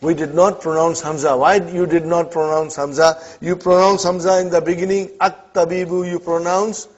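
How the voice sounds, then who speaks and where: A man's voice: fairly high pitch, fairly even intonation, normal speed. A man teaching an Arabic class, quizzing students with short "huh?" prompts and explaining each example. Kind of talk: classroom lesson. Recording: dull lo-fi classroom recording.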